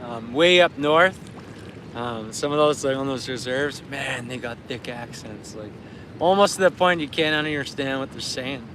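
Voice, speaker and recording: A man's voice: medium pitch, moderate pace, a bit bright, slight background noise. A Canadian man chatting casually on a live stream while fishing outdoors. He laughs often and tells anecdotes. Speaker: livestream host.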